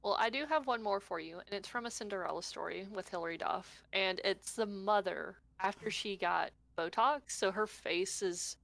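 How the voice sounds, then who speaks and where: A woman co-hosting a casual podcast, retelling movie scenes with animated storytelling and casual swearing. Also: mid-range voice, moderate pace, creaky, hardly any pauses. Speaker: podcast co-host.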